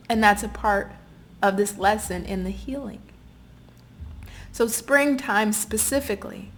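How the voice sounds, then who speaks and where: A woman talks straight to the listener as a tarot reader, heartfelt and earnest, and doesn't soften her blunt warnings. Her voice sits at an ordinary middle pitch. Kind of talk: direct-to-viewer tarot reading.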